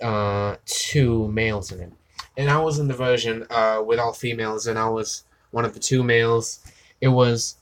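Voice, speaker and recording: A young man from Maryland talks loosely while drawing on a live stream. He rambles from topic to topic, laughs easily and drifts into humming between thoughts. His pitch sits in a middle range for a man. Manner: rambling, laughs often, hums and sings nonsense. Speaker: art streamer. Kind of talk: casual chat while drawing.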